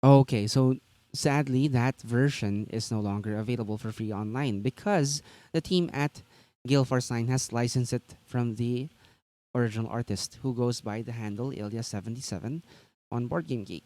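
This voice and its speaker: A man's voice: mid-range voice, moderate pace, warm tone, no room sound. Casual rambling man on a dry mic. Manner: casual, rambling, many fillers and restarts. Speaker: co-host of a tabletop gaming news show. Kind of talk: casual live-stream news chat.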